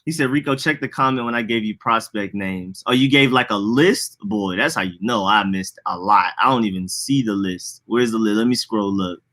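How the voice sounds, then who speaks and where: A young adult man co-hosting a podcast in casual chat, laughing often and talking in a loose, animated way. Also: on the low side, normal speed, few pauses. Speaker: podcast co-host.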